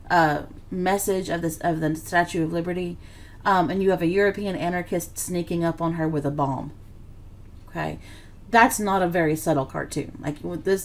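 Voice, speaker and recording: A woman's voice: fairly low pitch, a little mellow. A woman teaching a history lesson in a casual, conversational way, full of fillers and check-ins, a bit tired and yawning. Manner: conversational, filler-heavy, checks in with "okay" and "right". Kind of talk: classroom lecture on slides.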